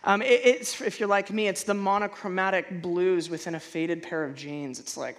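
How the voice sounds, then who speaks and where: A man preaching a sermon in a conversational way, stumbling and restarting often, then bursting out loudly when he acts out a feeling. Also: high-pitched, normal speed, hardly any pauses. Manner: animated, conversational, frequent restarts and stammers. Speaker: pastor.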